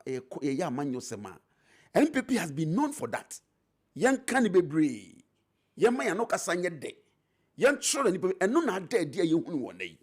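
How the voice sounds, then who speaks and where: A man's voice: high-pitched, slightly rough. A middle-aged man with a Ghanaian accent, a former MP speaking as a talk show guest, switching between English and Twi and repeating key phrases for emphasis. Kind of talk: animated political talk show debate, mixing English and Twi.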